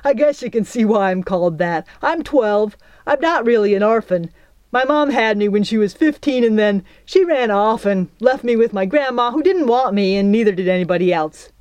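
A woman's voice: fairly high pitch, animated, darkish tone, smooth, no echo, pitched above the performer's own voice, natural voice. A woman voicing a cheerful, blunt twelve-year-old girl who talks in a jovial rush. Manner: jovial, rushed.

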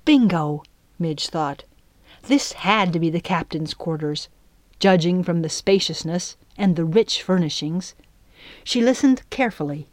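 A woman narrating an adventure storybook in a measured, expressive reading voice. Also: lowish voice, no echo. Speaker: audiobook narrator.

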